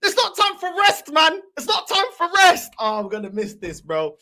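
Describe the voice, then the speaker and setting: A man with a high, bouncy voice reacts to football clips, laughing often and speaking in loose street slang. His tone is bright and keeps swinging up and down as he riffs with his viewers. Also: wildly swooping pitch, normal speed. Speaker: fan channel host reacting to match clips. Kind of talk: casual reaction commentary.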